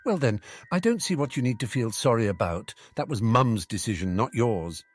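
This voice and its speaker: A man's voice: mid-range voice, expressive, normal speed, close to an everyday voice. A man voicing a resentful teenage boy who speaks with dry sarcasm. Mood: curt. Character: bitter, sardonic teenage boy.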